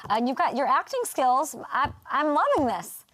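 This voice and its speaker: A woman's voice: high voice, very animated, normal speed, fairly bright tone. Bubbly chatty woman talk show host. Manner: bubbly and chatty, laughs often. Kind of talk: casual sports talk show interview.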